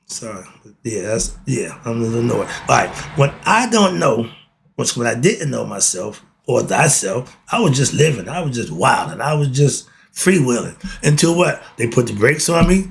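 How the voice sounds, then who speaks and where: A man's voice: mid-range voice, vocal fry. A man, giving a casual, blunt monologue, often laughing and asking and answering his own questions. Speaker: host of a philosophy talk channel.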